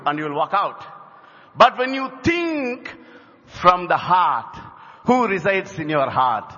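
Male teacher, storytelling talk; high husky voice in a reverberant hall. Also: very animated, takes it slowly, bright, forceful tone. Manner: storytelling, acts out dialogue. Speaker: teacher and speaker at a spiritual college. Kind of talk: inspirational talk to students. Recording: dull hall with long reverb.

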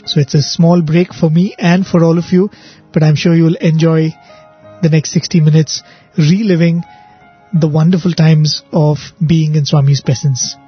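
High-voiced man telling a story. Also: steady tone, normal speed, breathy edge, faint music behind. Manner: gentle, devotional storytelling with quoted dialogue. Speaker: radio talk presenter. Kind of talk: storytelling talk. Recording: dull lo-fi audio with long hall reverb.

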